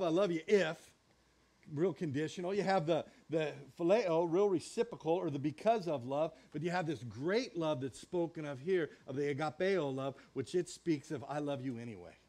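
Male pastor, sermon, high-pitched voice, folksy, joking, acts out quotes. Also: darkish tone.

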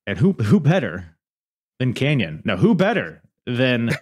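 A man's voice: mid-range voice, very animated, measured pace, slightly rough. A man co-hosting a wrestling podcast, recapping matches in casual chat and laughing often. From Asian heritage. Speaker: podcast co-host.

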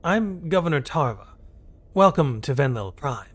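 A man doing a fearful male alien governor whose people are prey. He speaks haltingly, stammering and unsure, with a lively, moving pitch. This is a storybook narration. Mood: hesitant.

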